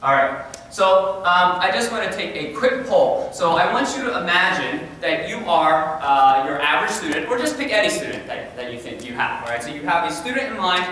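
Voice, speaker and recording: A man with a high, bright voice gives a lively talk to a room full of teachers. He sounds energetic and often repeats himself when he starts a sentence. The sound comes from well back in a large, reverberant hall, with a faint hiss underneath. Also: moderate pace. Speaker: high school science teacher presenting. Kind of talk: conference presentation. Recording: echoey hall from far off, faint noise.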